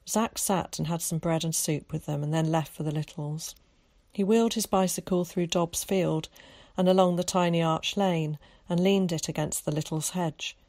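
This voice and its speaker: Low, calm woman narrating a story. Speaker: audiobook narrator. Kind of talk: scripted narration.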